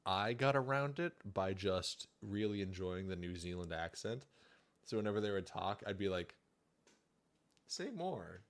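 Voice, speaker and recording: A young man giving a casual, jokey livestream presentation on his trip, chatty and laughing often. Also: low-pitched.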